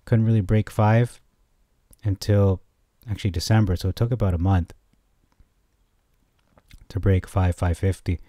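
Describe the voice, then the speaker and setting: A man giving a casual, rambling stock chart analysis, often correcting himself and getting excited. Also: low-pitched, unhurried, long pauses, no echo, clean studio sound. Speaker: stock market commentator.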